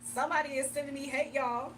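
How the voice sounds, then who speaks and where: A high-pitched woman hosts a laid-back livestream, chatting to viewers and breaking into frequent laughs. She sits a little back from the mic, and a faint hum runs underneath. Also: steady tone, fairly quick, a bit bright, far from the mic. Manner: chatty, laughs often, talks straight to chat. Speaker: livestream host. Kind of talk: casual livestream chat with viewers.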